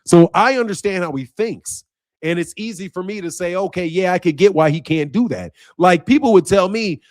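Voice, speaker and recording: Intense high-voiced man ranting to camera. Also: fairly quick, no room sound, clean studio sound. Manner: emphatic and repetitive, swears often; intense and confrontational. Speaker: boxing channel host. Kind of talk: casual to-camera monologue.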